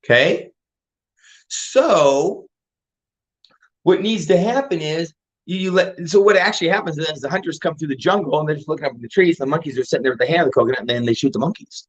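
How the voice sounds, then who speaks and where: An older man giving a casual motivational talk as a fitness and home business coach, energetic and driving his points home with rhetorical questions. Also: a little high, brisk. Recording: dull lo-fi audio.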